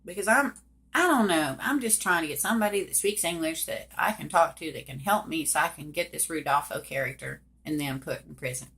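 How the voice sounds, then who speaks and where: A woman's voice: low-pitched, a little fast, gravelly, fairly bright tone. A woman casually telling a personal story in a folksy, colloquial way, speaking straight to her listeners. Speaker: storyteller recounting her own life.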